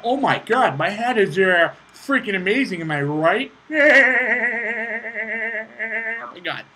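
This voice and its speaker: A young man hosting casual gameplay commentary, excitable and self-mocking, swearing often while playing on a laptop with friends nearby. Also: high-pitched, normal speed, slightly rough, poor audio. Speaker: gaming channel host. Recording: steady background noise with mouse clicks.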